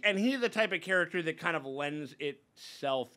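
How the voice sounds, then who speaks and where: A man's voice: on the high side, expressive, moderate pace, pushed and bright. A man hosting a casual reaction show, talking in a rambling way with many restarts and some swearing. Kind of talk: casual chat.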